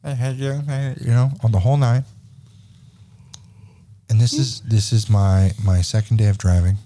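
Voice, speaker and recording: Thirties male podcast host; lively, profane storyteller who plays out both sides of conversations; lowish, dark tone. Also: moderate pace, a little hiss or hum. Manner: animated, profane, acts out quoted dialogue. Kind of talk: casual storytelling chat.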